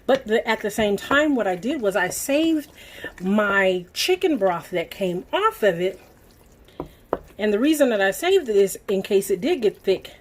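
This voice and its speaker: A woman's voice: medium pitch, sing-song, measured pace, slight background noise. Southern lady chatting to y'all while she stirs a pot in her kitchen, middle-aged, medium voice. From Southern United States. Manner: folksy, talks straight to viewers while stirring. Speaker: cooking channel host. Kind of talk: chatty cooking demonstration. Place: home kitchen.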